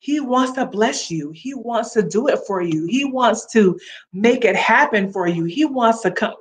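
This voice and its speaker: A woman's voice: medium pitch, lively intonation, a little slow. Encouraging woman hosting a livestream. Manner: preachy, encouraging, addresses viewers directly. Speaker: livestream host. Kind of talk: casual motivational livestream talk.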